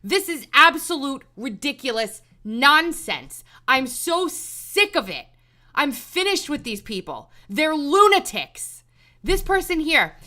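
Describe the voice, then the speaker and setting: A woman's voice: sits high, big pitch swings, a little slow, sharp tone. A woman host delivering an exasperated, emphatic commentary monologue, repeating words when heated. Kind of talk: angry monologue rant.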